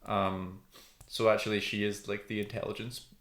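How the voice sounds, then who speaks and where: A man's voice: on the low side, level tone, normal speed, fairly bright tone. A man co-hosting a podcast, chatting casually about TV and thinking aloud with many ums. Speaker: podcast co-host. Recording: roomy echo.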